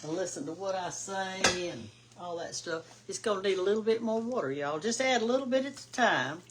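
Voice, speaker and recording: A woman's voice: medium pitch, fairly quick, background noise. An older woman with a Southern US accent, chatting folksily while cooking in her kitchen as host of a cooking show. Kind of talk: casual cooking chat. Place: home kitchen.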